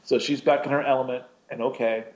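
A man's voice: medium pitch, fairly even intonation, brisk, a little mellow. A man casually telling a personal story, rambling and breaking off mid-sentence with small laughs. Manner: rambling, self-interrupting, chuckling between thoughts. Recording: dull lo-fi recording.

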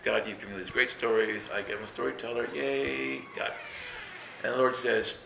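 Man, preacher, sermon, gravelly, forceful, joking storyteller, echoey hall. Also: mid-range voice, fairly even intonation, moderate pace. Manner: storytelling, conversational, self-mocking humor. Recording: roomy echo with faint noise.

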